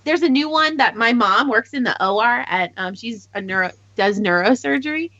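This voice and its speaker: Bright, bubbly woman on a podcast. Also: on the high side, animated, normal speed. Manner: bubbly, exclamatory. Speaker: podcast co-host. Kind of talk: casual podcast chat. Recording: dull lo-fi podcast audio.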